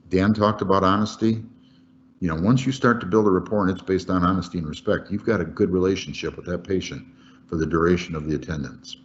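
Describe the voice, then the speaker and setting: A man's voice: low voice, darkish tone. A man teaching a webinar on workplace safety in a folksy, conversational way, repeating key points for emphasis. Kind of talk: webinar lecture. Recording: dull lo-fi webinar audio.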